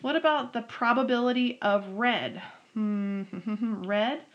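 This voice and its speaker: A woman's voice: on the high side, takes it slowly, lo-fi sound. Chatty woman teaching math step by step. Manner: friendly, talks students through each step aloud. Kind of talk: classroom math lesson. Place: home.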